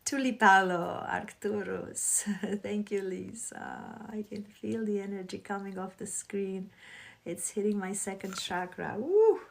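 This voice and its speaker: A woman hosting a casual spiritual livestream, gushing and chatting warmly with her viewers. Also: mid-range voice, level tone, measured pace, vocal fry. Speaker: livestream host.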